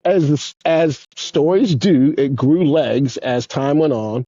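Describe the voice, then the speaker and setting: A man in his fifties, a guest on an interview show, telling rambling, profane stories in a casual, animated way. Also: on the high side, slow, husky, dry recording, muffled recording. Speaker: guest, former pro skateboarder. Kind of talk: casual storytelling.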